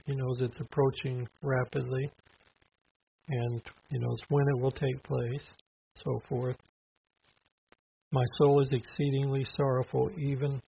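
A man's voice: mid-range voice, creaky, a little hiss or hum. A man teaching through a Bible passage verse by verse, talking conversationally with asides and fillers. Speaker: preacher. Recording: dull lo-fi recording.

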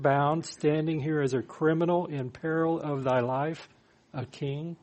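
A man's voice: medium pitch, a little mellow. A man preaching a sermon, reading scripture aloud and explaining it with dry humor. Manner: reads verses then explains with dry humor. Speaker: pastor.

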